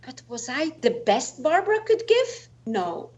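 Over dull audio, a fortysomething woman guest tells a personal story earnestly and reflectively, speaking at a measured pace in a high voice with big pitch swings. Her slightly non-native phrasing leans heavily on "you know, like."

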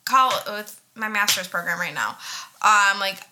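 A woman in her twenties chatting casually as a podcast co-host, animated and self-mocking, full of fillers and swearing. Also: medium pitch, measured pace, background noise. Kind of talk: casual chat.

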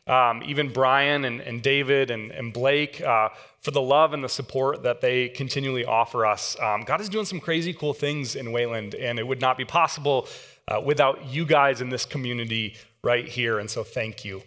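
A man preaching a sermon, an animated storyteller who acts out the voices in his anecdotes. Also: medium pitch, normal speed. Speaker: guest pastor. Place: church sanctuary. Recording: long church hall reverb.

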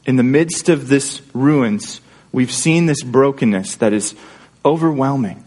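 A man's voice: mid-range voice, measured pace, darkish tone. Earnest man preaching a sermon. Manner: earnest, conversational preaching with rhetorical questions. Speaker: pastor.

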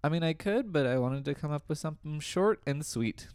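A man's voice: on the high side, animated, a little fast, darkish tone, clean tone, no echo. A young man co-hosting a casual podcast, teasing his co-host and laughing often.

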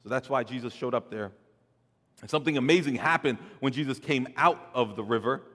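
A man's voice: medium pitch, a little fast. Male preacher, sermon delivery, rises and falls in volume, long hall reverb. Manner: dynamic delivery, swelling loud then dropping soft, with repeated words. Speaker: pastor.

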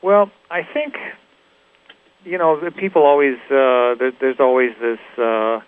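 Male musician guest, thoughtful and halting, mid pitch, thin phone-band radio audio. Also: steady tone, smooth. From Los Angeles. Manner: halting, many restarts and "you know". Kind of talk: reflective interview talk. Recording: tinny phone-like radio recording.

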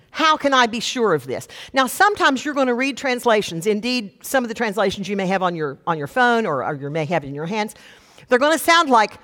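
A woman preaching a sermon, teaching with expressive retellings and asides. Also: on the high side. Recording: long reverb of a large hall.

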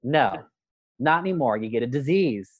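A man's voice: mid-range voice, moderate pace, dry recording, highs cut off. Earnest man talking in a dry room. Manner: earnest, animated, acts out voices in quotes. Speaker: podcast guest. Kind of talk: spiritual conversation.

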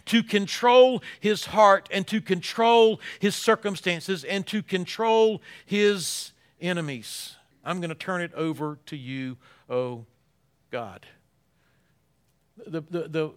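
Older male pastor, high-pitched, ringing bright tone, impassioned sermon delivery that swings loud to hushed. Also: clean tone.

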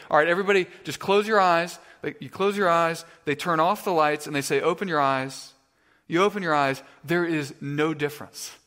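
A man preaching a sermon in a conversational way, often stumbling over and repeating his words, and telling stories with animated energy. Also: a little high, long reverb tail. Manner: conversational, stammering restarts, animated storytelling. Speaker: pastor. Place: church sanctuary.

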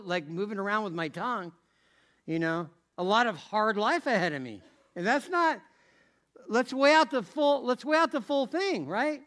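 A man's voice: sits high, sharp tone. A middle-aged man preaching a casual, conversational sermon, often asking "right?" and repeating phrases as he goes.

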